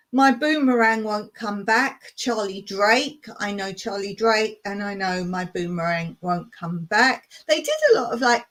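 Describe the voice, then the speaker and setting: A woman's voice: mid-range voice, a bit bright. A woman from England hosting a casual live stream, chatting and giggling as she reads out viewer comments. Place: home in rural Cyprus.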